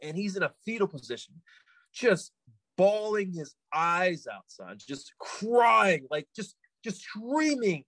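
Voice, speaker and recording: Animated man telling a story, dry mic. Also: sits high, slow, no echo, poor audio. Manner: animated, repeats himself, many fillers and restarts. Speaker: podcast guest. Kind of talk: casual storytelling in a podcast interview.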